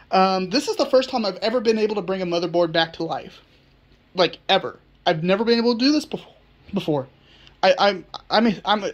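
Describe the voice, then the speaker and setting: A woman narrating a casual computer repair vlog, chatty and thinking aloud with frequent restarts. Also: medium pitch.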